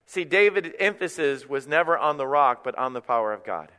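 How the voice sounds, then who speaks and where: Impassioned pastor preaching in a reverberant church. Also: male voice, medium pitch, expressive, a little fast, few pauses. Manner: impassioned, rising to near shouts, with stammered restarts. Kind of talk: sermon.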